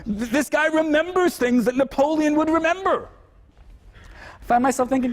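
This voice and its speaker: A man's voice: very high voice, moderate pace. A man giving a university philosophy lecture, thinking aloud and putting questions to his students. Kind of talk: classroom lecture. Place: lecture hall. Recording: reverberant lecture hall.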